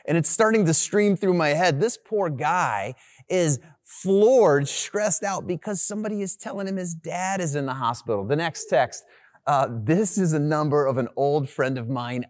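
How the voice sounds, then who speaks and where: Lively young pastor telling a story. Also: male voice, a little high, unhurried, no echo, clean studio sound. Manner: animated, conversational storytelling with many fillers. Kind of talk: sermon storytelling. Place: online church gathering recording.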